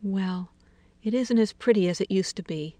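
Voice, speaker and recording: A woman voicing a timid, fretful young woman in a story reading, hesitant and a little higher than her narration. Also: moderate pace, dark tone, no echo, lightly acted.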